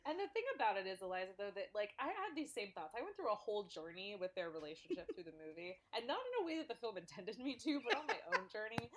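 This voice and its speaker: A woman co-hosting a casual film podcast at a mid-range pitch. She is chatty and laughs easily, and she turns to speak to the listeners now and then. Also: sing-song, quick pace, hardly any pauses, slight background noise. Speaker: podcast co-host. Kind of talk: casual film-review chat.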